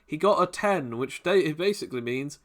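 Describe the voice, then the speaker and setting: A man's voice: on the high side, animated, a little fast. A man running a tabletop game as game master, rambling and restarting as he makes rulings.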